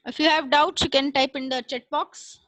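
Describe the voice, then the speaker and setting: High, bright woman lecturing. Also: fairly even intonation, no room sound, rough recording. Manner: measured, explanatory, with frequent fillers. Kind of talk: online class lecture.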